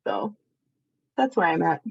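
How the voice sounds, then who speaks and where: A woman's voice: mid-range voice, fairly even intonation, normal speed, highs cut off. A woman, an early childhood parent educator, chatting casually in a video meeting with asides. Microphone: video call.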